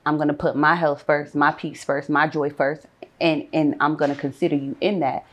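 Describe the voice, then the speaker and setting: A woman talking in a casual group chat, telling a personal story in a calm, measured way. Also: low-pitched.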